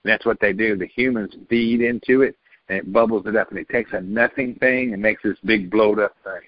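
A man's voice: fairly low pitch, fairly even intonation, brisk, no echo, highs cut off. A man talking politics on a podcast in a rambling, profane, mocking way.

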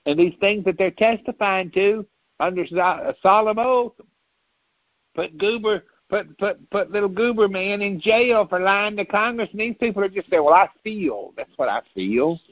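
Talk guest, man, higher-pitched voice, mocking and rambly, dull dry audio. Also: fairly even intonation, normal speed, no room sound. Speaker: guest commentator. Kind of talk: casual political chat.

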